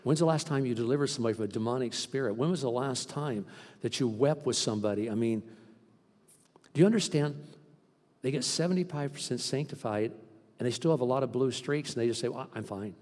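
A man preaching a sermon as pastor, animated and acting out the voices he quotes. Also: medium pitch, fast. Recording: long reverb from a hall.

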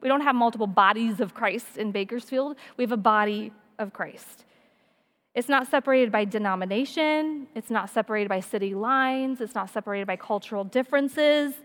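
A woman's voice: on the high side, normal speed. A woman in her thirties giving a sermon, earnest and personal, telling stories and repeating her points. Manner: earnest, personal storytelling with repetition. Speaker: women's speaker. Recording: long reverb of a hall.

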